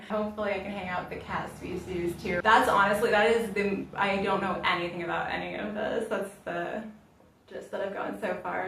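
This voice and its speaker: A woman's voice: medium pitch, creaky, fairly bright tone, slight background noise. A young woman from Florida chatting casually on her vlog, rambling, swearing offhandedly and laughing often. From Florida, United States. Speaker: vlogger. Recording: echoey room, mic at a distance.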